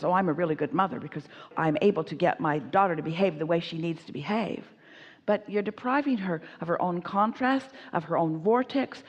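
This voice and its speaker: A woman speaks on stage at an inspirational seminar, emphatic and animated, referring to herself as "we". Her mid-pitched voice rings with the long reverb of a large hall. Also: lo-fi sound. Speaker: speaker answering audience questions.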